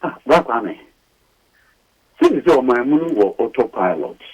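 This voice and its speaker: A man with a Ghanaian accent giving emphatic radio talk as a lawyer guest, repeating his points with sharp rises. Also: mid-range voice, very animated, slow, muffled recording, a little hiss or hum. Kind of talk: animated radio talk mixing English and Twi. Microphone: studio mic.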